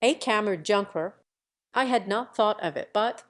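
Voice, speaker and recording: A woman voicing a timid, earnest young male prince who answers in a hesitant, halting way. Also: medium pitch, expressive, close to an everyday voice.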